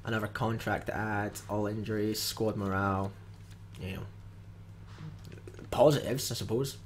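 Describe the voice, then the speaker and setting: A man's voice: fairly low pitch, steady tone, normal speed, slight background noise. A young man giving casual, grumbling commentary with dry jokes as he opens card packs in a game video. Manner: dry, grumbling, jokey asides. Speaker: gaming video host.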